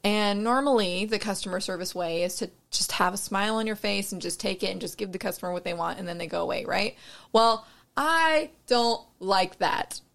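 Frank, animated young woman telling a story. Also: mid-range voice, normal speed, gravelly. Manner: frank, animated, swears freely. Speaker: barista, podcast co-host. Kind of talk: casual chat, storytelling.

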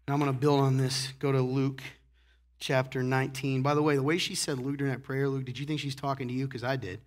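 A man preaching a sermon, joking and animated, acting out little scenes and clearing his throat often. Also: medium pitch, fairly quick, long pauses. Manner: joking, animated, acts out characters. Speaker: pastor.

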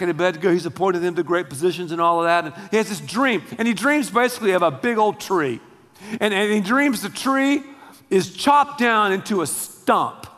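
High-voiced preacher, lively and slangy. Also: male voice, long reverb tail. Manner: animated storytelling with slangy asides. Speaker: pastor. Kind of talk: sermon.

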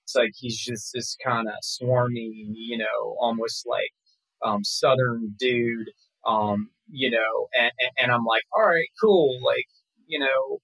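A man talking casually as an actor guest in an interview, rambling and relaxed with many fillers and restarts. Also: medium pitch, takes it slowly, creaky, breathy edge, dry recording, low-quality recording.

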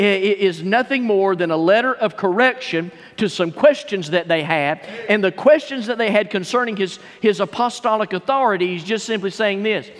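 A man, preaching a sermon as pastor with fervent, rising emphasis. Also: high voice. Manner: fervent Southern preacher, rising to near-shouts. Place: church sanctuary. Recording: long church reverb.

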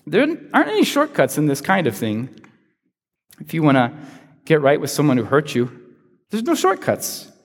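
A man's voice: a little high, wildly swooping pitch, fairly quick, pauses often, in a large hall. A man preaching a conversational sermon as pastor, asking the listeners rhetorical questions.

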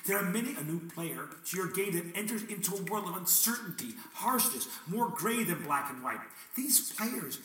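A man's voice: sits high, lively intonation, normal speed, hardly any pauses, a bit bright. A man delivering a dramatic spoken monologue addressed to God, theatrical and questioning, wry and prone to bursts of swearing. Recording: echoey room, mic at a distance, faint noise.

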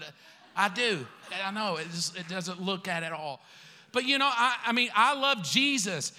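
A man's voice: sits high, bright, forceful tone. A man preaching a sermon as pastor, conversational and acting out the voices he quotes. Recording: long hall reverb.

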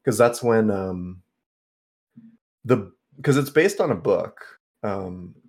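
A man's voice: fairly low pitch, lively intonation, takes it slowly, darkish tone. A young man co-hosting a podcast in casual chat, rambling with lots of filler words and the odd swear. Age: young adult. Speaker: podcast co-host.

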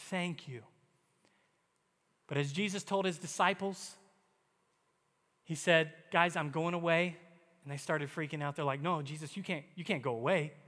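A man's voice: fairly high pitch, fairly bright tone. A man preaching a sermon as pastor, emphatic and acting out quoted prayers in his delivery. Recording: long hall reverb.

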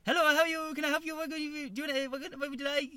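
Chirpy, high-pitched male barber, as a man puts him on, broken English, repeats every eager question. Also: little pitch movement, very fast, sharp tone, no echo.

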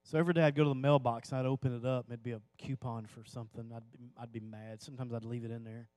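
A man preaching a sermon to a church audience, telling a personal story that swells into impassioned pleading and drops to hushed, slow emphasis. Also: mid-range voice, flat delivery, no room sound. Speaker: pastor.

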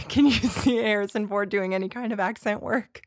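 A woman's voice: medium pitch, fairly even intonation, normal speed, no room sound, clean studio sound. A woman co-hosting a casual film podcast, chatty and rambling, with frequent restarts and laughter. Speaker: podcast co-host.

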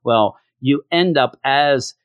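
A man's voice: mid-range voice, slow pace, clear, resonant tone, no echo. Male comic book reviewer, casual and chatty, rambles with fillers, dry unechoed delivery. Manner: rambling, enthusiastic, lots of fillers.

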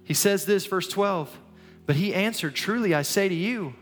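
A man's voice: sits high, normal speed. A man preaching as a pastor in a church, earnest and urging, often repeating his phrases. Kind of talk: sermon. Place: church sanctuary. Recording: long hall reverb, soft music.

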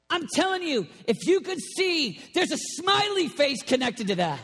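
High-pitched guy preaching, voice jumps all over, long echo like a huge church hall. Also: normal speed, few pauses. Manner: animated, playful, bursts into shouting. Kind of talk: lively sermon. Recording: long reverb of a large hall.

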